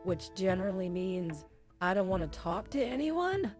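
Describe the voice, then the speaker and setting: A woman's voice: medium pitch, very animated, normal speed, a little mellow, faint music behind. A woman in comedic scripted banter as a co-host, with a dry, teasing delivery.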